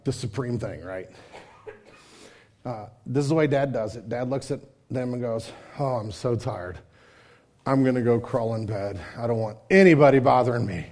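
A man preaching a casual, energetic sermon, full of slang and asides, sometimes dropping to a hushed tone. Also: medium pitch, breathy edge. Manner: drops to hushed intimate tone. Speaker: pastor.

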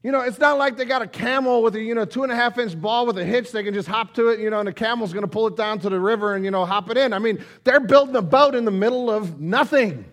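Man pastor, casual sermon storyteller, fairly high voice. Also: fast, few pauses. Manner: conversational, animated, many asides. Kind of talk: sermon, Bible reading and storytelling.

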